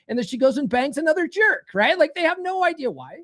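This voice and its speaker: A man's voice: very high-pitched, lively intonation, quick pace, few pauses, fairly bright tone. A man in his thirties hosting a livestream about dating, reading chat comments in a blunt, crude way and calling listeners brother. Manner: mimics others in raised voices. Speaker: dating coach and livestream host.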